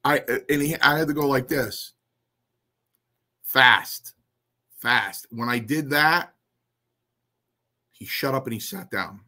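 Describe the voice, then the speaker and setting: A man telling stories from his wrestling career in an interview, animated and blunt, with salty language. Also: mid-range voice, slow pace, pauses often. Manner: animated, acts out the people in his story. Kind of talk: casual anecdotal storytelling.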